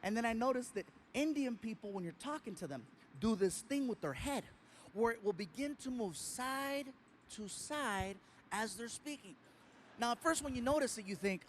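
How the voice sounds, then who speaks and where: Man, stand-up comedian, high voice, storytelling, acts out characters. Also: moderate pace, a little hiss or hum. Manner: animated storytelling, acting out other people.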